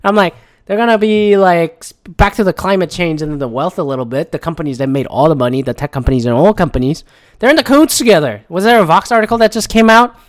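A man's voice: on the high side, animated, quick pace. A man in his thirties who works in tech, ranting in a casual, profane and rambling monologue that keeps drifting off on tangents. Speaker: tech worker ranting on current events.

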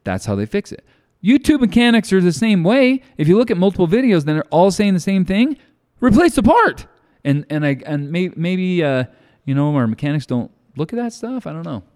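A man's voice: high-pitched, very animated, brisk, dark tone. Rambling man in a reverberant room. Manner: rambling storyteller with many fillers and restarts. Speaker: podcast co-host. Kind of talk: casual chat. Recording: long hall reverb.

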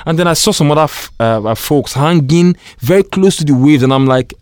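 A Nigerian man co-hosting a casual talk show, telling stories with animated exclamations. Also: on the high side, brisk, dry recording, studio quality. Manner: animated storyteller, exclaims in pidgin asides. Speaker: podcast co-host. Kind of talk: casual chat.

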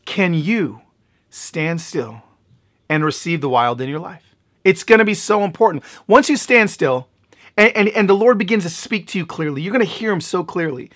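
A middle-aged male pastor preaching with lively storytelling. His pitch swings widely, climbing high and loud at the exciting moments before dropping back to a quiet, earnest tone. The delivery shifts pace freely, rushing through action and slowing down for emphasis. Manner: animated, building to loud excited peaks in stories. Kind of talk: sermon with storytelling.

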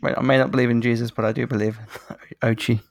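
A man's voice: medium pitch, level tone, fast talker, creaky. A man co-hosting a podcast, joking in a drawling, casual way. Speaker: podcast co-host. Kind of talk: casual chat.

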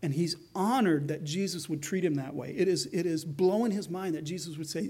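Higher-voiced man preaching conversationally. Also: moderate pace, darkish tone, husky. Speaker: pastor. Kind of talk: sermon.

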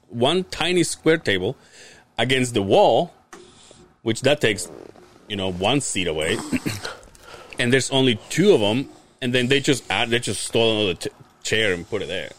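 Animated and profane, a young man on a podcast tells a casual story and gives voice to the people in it. He speaks at a moderate pace with a medium pitch.

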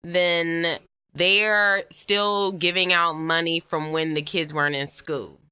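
A woman's voice: lowish voice, little pitch movement, slow, pushed and bright, clean tone. A young woman co-hosting a casual podcast chat, loose and profane, laughing often and using plenty of slang. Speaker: podcast co-host.

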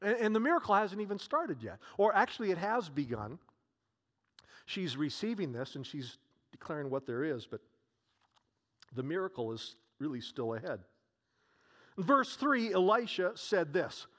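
A man with a notably high voice delivers a sermon. He retells a scripture story, acting out its dialogue and posing question after question to his listeners. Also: sing-song, normal speed, pauses often, a bit bright. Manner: storytelling, acts out scenes, many rhetorical questions. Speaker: preacher.

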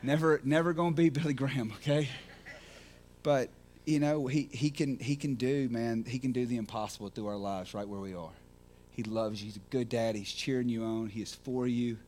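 A man preaching passionately on a podcast, swinging from hushed prayer to shouted excitement, full of restarts and "man" and "you know.". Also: medium pitch, moderate pace, slight background noise. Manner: repeats words and restarts, casual fillers like man and you know. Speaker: podcast speaker at a recovery ministry. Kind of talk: impassioned preaching.

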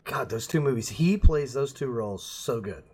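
A man's voice: mid-range voice, expressive, moderate pace, darkish tone, breathy edge. Rambling middle-aged man, casual chat. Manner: rambling, self-mocking, laughs at his own jokes. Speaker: podcast co-host.

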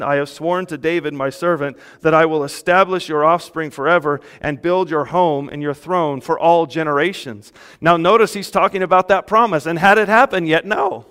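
A man preaching a sermon to a congregation, conversational and animated, with jokes and laughs. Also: sits high, smooth, big-room sound. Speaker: pastor.

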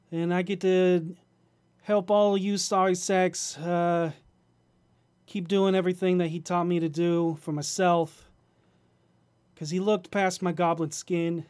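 A man's voice: sits high, clear, resonant tone. Man doing a grating nasal goblin. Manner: loud, swearing, blunt. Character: crude reformed male goblin thief.

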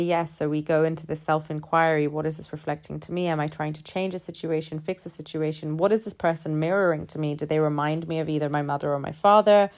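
A woman with a notably deep, low voice talks through a personal reflection. Her delivery is calm and measured, and she stacks her points in repeated phrases.

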